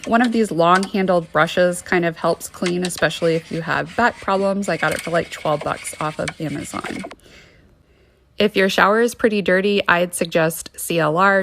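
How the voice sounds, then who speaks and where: A woman's voice: fairly low pitch, gravelly, a bit bright, slight background noise. A woman giving casual, matter-of-fact how-to tips.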